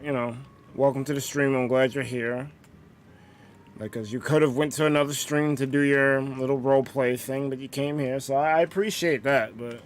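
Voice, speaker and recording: A man's voice: mid-range voice, slight background noise. A man streaming a game, chatting casually with many fillers and restarts. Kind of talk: casual gaming stream chat.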